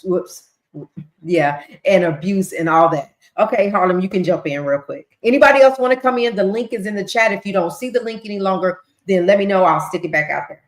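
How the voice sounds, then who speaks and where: A woman's voice: medium pitch, a little fast. A woman hosting a livestream, casually recapping court testimony and acting out quotes as she goes. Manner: chatty, retells with voiced quotes and ad-libs. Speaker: livestream host. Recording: roomy echo.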